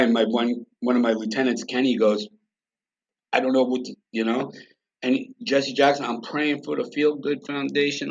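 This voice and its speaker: A man's voice: mid-range voice, highs cut off. A middle-aged man, telling stories bluntly and with swearing as a podcast guest. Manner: blunt, profane, animated storyteller. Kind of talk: casual storytelling.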